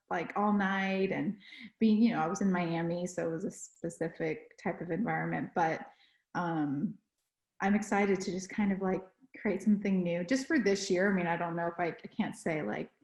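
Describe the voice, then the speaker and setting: A young woman chats on a home podcast, rambling and correcting herself as she goes. Her voice sits on the low side with a gravelly fry. The room adds a noticeable echo around her. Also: a little mellow. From Texas. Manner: rambling, lots of fillers and self-corrections. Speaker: podcast co-host. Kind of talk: casual chat.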